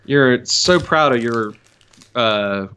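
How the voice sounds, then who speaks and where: A man co-hosts a casual comics livestream from his room at home, dry and laid-back as he plays along with the jokes. His mid-range voice is bright and forceful, and he takes it slowly. The home stream audio is dull and lo-fi, with a little hiss or hum.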